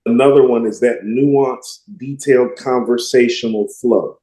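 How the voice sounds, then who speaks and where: A man co-hosting a casual music discussion podcast, emphatic and animated. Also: medium pitch, measured pace. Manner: animated, emphatic, quotes lyrics with relish. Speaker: podcast co-host. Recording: roomy echo.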